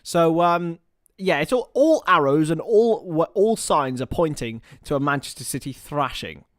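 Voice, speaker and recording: Animated and fairly high-pitched, a young livestream host talks at a measured pace, drifting from topic to topic, poking fun at himself and reading out the chat. The audio, from a webcam or computer mic, is dry and of studio quality.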